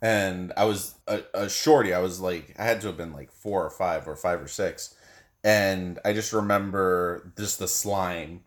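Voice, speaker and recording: Low-voiced man in rambling casual chat. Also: measured pace. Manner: loose, rambling, jokey. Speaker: podcast co-host.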